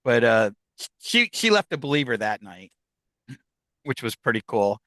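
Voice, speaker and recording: Bright-voiced man telling ghost stories. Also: mid-range voice, unhurried, no echo, low-quality recording. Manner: animated anecdotes, acts out quoted dialogue. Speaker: guest, paranormal investigator. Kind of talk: casual storytelling interview.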